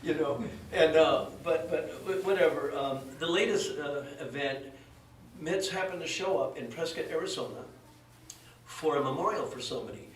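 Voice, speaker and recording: A man's voice: on the high side, moderate pace, slight background noise. A middle-aged man speaking at a memorial service, telling rambling, self-deprecating stories about a friend. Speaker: eulogy speaker. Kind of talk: storytelling tribute at a memorial service. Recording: echoey room, voice from a distance.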